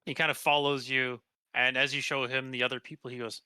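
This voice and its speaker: A man's voice: mid-range voice, flat delivery, fairly quick, sharp tone, clean tone, no echo. A man running a tabletop game as game master, narrating in a rambling way with many restarts. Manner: rambling, restarts with 'he just goes'.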